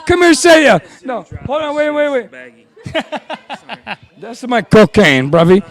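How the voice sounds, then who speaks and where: A man emceeing outdoors outside a music venue, talking in rowdy, profane, hyped-up banter and shouting thanks. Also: extremely high pitch, big pitch swings, slow pace. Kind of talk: hyped-up live event banter.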